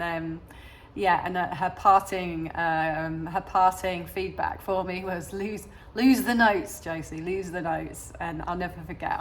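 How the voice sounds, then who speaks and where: English woman, yoga teacher, lowish voice, chatty and hesitant, faint background noise. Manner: hesitant, many fillers and restarts. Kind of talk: casual talking-head chat.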